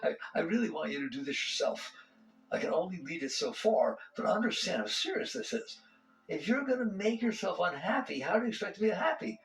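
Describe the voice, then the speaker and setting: A man's voice: high-pitched, animated, fairly quick, a bit bright, soft background music, poor audio. A man giving a conversational spiritual talk to an audience. He asks rhetorical questions and often chuckles. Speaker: spiritual teacher.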